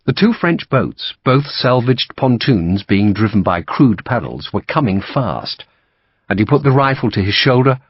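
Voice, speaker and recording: A man narrating an audiobook in a lively storytelling manner, giving each character a voice. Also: mid-range voice, measured pace, breathy edge, no echo. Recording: dull dry audiobook recording.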